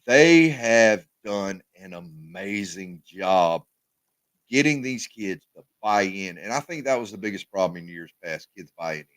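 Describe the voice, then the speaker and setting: A man co-hosting a casual sports talk show, animated and often repeating his words. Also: deep voice, measured pace, no echo.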